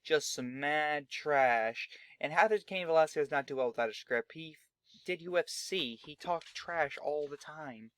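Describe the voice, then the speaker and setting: A man's voice: a little high, a little slow, fairly bright tone, no echo. A young man hosting a gaming channel, talking through his game in a rambling, chatty way and swearing freely. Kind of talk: casual let's-play commentary.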